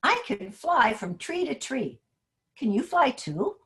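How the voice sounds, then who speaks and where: A cheerful storybook parrot bragging about flying, as a woman reads him aloud. The pitch moves a great deal. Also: sing-song, takes it slowly, exaggerated voice. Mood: proud.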